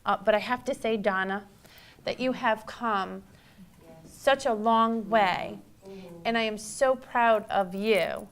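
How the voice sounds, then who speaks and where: A woman who works as a medium, speaking to her grief support group in a halting, emotional way with many pauses and restarts. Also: mid-range voice, slight background noise. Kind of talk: heartfelt group address.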